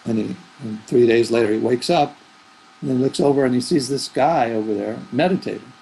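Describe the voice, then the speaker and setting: Gravelly guy rambling thoughtfully about spirituality in an interview, faint noise. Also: medium pitch, a little fast, dark tone, poor audio. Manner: rambling, thoughtful, with fillers and restarts. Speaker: spiritual teacher, interview guest. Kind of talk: reflective interview answers.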